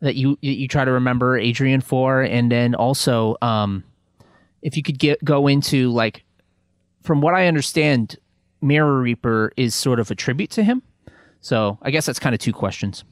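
A male host asks his guest questions, pausing and restarting often. His voice sits at an ordinary middle pitch. The sound is close and dry. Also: dry recording. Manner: hesitant, halting questions. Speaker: interview host. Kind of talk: casual interview.

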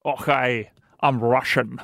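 A man hosting a comedy radio show, wisecracking with quick delivery. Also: medium pitch, steady tone, gravelly, background noise. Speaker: radio host. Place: radio studio.

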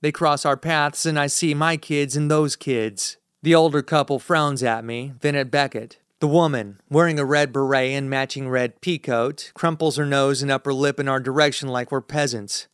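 A man reading a first-person thriller as an audiobook narrator, in a measured, tense storytelling manner. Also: medium pitch, fairly even intonation, fairly bright tone, clear, resonant tone, dry recording, studio quality.

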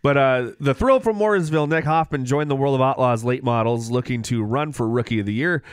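A man's voice: mid-range voice, smooth, dry recording. Dry-sounding man reading race results. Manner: brisk, reads standings and lap details, laughs easily. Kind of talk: casual results recap.

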